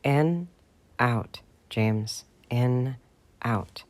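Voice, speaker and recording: A man voicing a calm young man gently talking a friend through panic in an audiobook. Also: mid-range voice, drawn-out words. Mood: soothing. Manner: gentle, reassuring.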